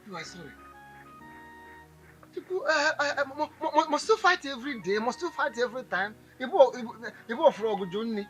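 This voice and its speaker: A man's voice: very high voice, big pitch swings, fairly quick, a bit bright, soft background music, full character voice. An actor with a Nigerian accent playing an exasperated uncle who stammers while scolding his nephew in a film. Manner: stammering scolding, speaks in proverbs. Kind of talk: Nollywood film acting.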